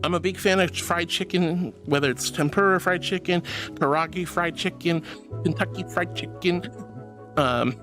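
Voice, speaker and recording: Male streamer, high-pitched and sweet, reads chat and thanks fans with pet names, faint music behind. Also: moderate pace. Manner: affectionate, calls viewers honey and darling; bursts into excited high squeals. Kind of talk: livestream chat reading.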